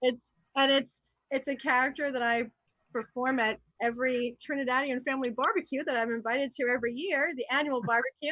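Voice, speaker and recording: A woman's voice: high voice, fairly even intonation, brisk, fairly bright tone, no room sound, dull audio. A woman from New Jersey, an actor and improv performer, talking candidly and animatedly in a casual panel chat, with fillers as she thinks aloud. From New Jersey, USA.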